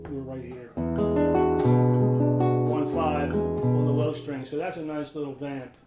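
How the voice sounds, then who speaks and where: A man giving a guitar lesson in a casual instructional way, relaxed and thinking aloud with restarts. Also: fairly high pitch, takes it slowly. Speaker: guitar teacher. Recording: roomy sound with loud guitar. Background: guitar playing.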